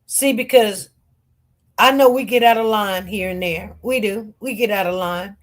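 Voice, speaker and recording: A woman with a Detroit accent telling her own story to viewers in an animated, emphatic way, often repeating her words. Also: mid-range voice, normal speed. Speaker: live-stream commentator.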